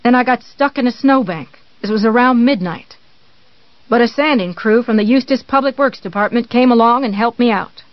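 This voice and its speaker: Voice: mid-range voice, normal speed, no echo, lo-fi sound, lightly acted. A reader doing a sweetly pious, menacing woman. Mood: calm, pious. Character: pious, menacing middle-aged woman nurse.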